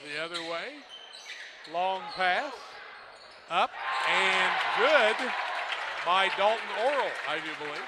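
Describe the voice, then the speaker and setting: A man doing play-by-play commentary of a high school basketball game, brisk and loud on made shots. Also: lively intonation, a loud crowd. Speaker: play-by-play announcer. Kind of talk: local radio sports commentary. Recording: noisy gym broadcast. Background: gym ambience, basketball bouncing.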